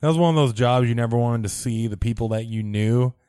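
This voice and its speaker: A man co-hosting a podcast in relaxed casual chat, easygoing and unhurried with plenty of fillers. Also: mid-range voice, clean tone, dry recording, clean studio sound. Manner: laid-back, easygoing, many uh fillers. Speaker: podcast co-host.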